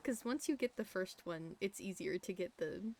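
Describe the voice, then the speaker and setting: Brief: woman, gravelly low-register edge, lively in-character storyteller playing a doctor, acts out the other people's lines, faint hiss behind. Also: moderate pace. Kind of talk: in-character storytelling on a game stream.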